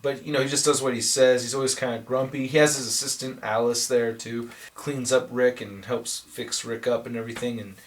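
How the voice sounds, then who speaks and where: Sex: man. Role: comic book reviewer. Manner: profane, rambling, excitable. Pitch: mid. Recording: voice set back from the mic. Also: brisk, few pauses, far from the mic.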